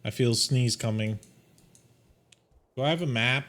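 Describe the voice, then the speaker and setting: A man's voice: mid-range voice, moderate pace, long pauses, fairly bright tone. A young man doing casual, joking commentary as he plays a game and reads its dialogue aloud. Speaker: gaming streamer. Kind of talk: casual let's-play commentary, reading game text aloud.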